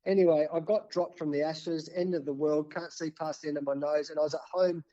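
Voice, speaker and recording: Animated Australian man in his fifties. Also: fairly high pitch, brisk, dull audio, a little hiss or hum. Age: 50s. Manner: animated, restarts often, acts out quoted exchanges. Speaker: cricket coach, podcast guest. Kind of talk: casual storytelling in an interview.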